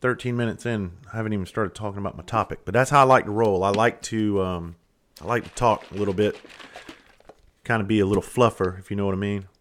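Blunt, low-voiced middle-aged man. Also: fast. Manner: blunt, profane, unfiltered. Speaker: firefighter and podcast host. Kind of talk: casual storytelling monologue.

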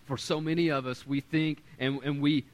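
A man in his thirties preaching a sermon, animated, swinging between loud and quiet and acting out the voices he quotes. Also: fairly high pitch, normal speed. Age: 30s. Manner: acts out quoted voices in conversational storytelling. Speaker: pastor.

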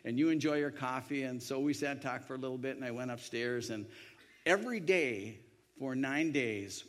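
A man's voice: medium pitch, moderate pace, fairly bright tone. A man telling a personal anecdote in a rambling way, with many restarts and voiced quotes. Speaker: storyteller. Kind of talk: anecdotal storytelling.

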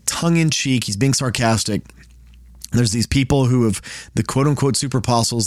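A man's voice: mid-range voice, a little mellow, no room sound, clean studio sound. A man hosting a casual Bible study podcast, reading scripture and explaining it in a folksy, chatty way, acting out quotes with a sarcastic edge.

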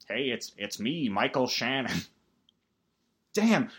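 Rambling, self-deprecating male podcast host. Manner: rambling, self-deprecating, full of stammered restarts and sudden jumps in pitch. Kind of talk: comedic solo podcast monologue.

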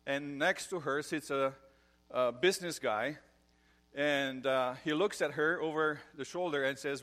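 A man's voice: a little high, a bit bright. Man preaching a conversational sermon. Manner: conversational, with fillers and joke telling. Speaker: pastor.

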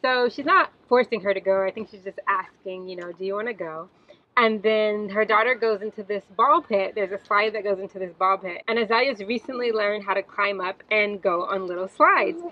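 A young woman, a mother, telling a personal story in a gentle, reflective way, later reading a prayer. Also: a little high. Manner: gentle, reflective, with soft fillers. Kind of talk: casual storytelling monologue. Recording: slightly dull, faint background hiss.

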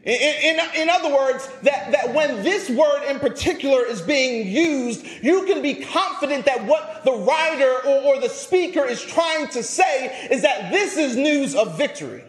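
A male pastor preaching a sermon, emphatic, rising to loud peaks and dropping low at phrase ends, often repeating words as he restarts. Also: expressive, measured pace, hardly any pauses. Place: church sanctuary. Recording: echoey church sanctuary.

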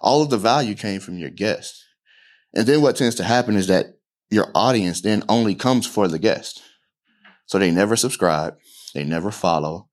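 A man's voice: fairly low pitch, moderate pace. A man coaching a workshop audience on podcasting, talking casually and often checking in with "right?". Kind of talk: casual talk to a live audience.

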